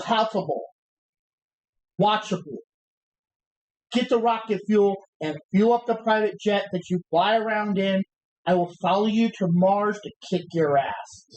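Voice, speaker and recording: A woman's voice: mid-range voice, a little mellow, lightly acted, poor audio. A woman re-enacting a brash male pro wrestler's defiant promo on a livestream, taunting and cocky, tripping over the words as she recites them.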